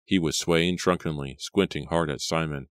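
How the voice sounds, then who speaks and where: A man reading a horror audiobook in a measured, steady narration. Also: a bass voice, clear, resonant tone, no room sound. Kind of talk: scripted narration.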